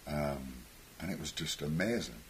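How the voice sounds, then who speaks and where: Older guy, really deep voice, rambling stories with little laughs. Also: normal speed, a bit bright, a little hiss or hum. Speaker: guest musician interviewed on stage. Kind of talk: anecdotal storytelling.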